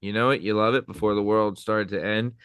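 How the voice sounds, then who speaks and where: A hoarse young man with a lowish but smooth voice, riffing loosely on a comedy podcast. The recording is dry and close. He rambles, throws in fillers, and slips into silly bits. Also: steady tone, a little fast, a bit bright, no room sound. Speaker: podcast co-host.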